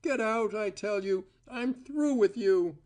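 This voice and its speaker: A man reading an audiobook voices a furious, scornful young woman with a shrill, screaming tone. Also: slow, darkish tone. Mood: hysterical rage. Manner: scornful and bitter. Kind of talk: audiobook character voice.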